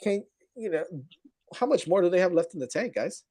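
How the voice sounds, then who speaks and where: Rambling laid-back podcast host. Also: male voice, sits high, lively intonation, fairly quick, a little mellow. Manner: rambling, filler-heavy, laughing. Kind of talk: casual sports chat.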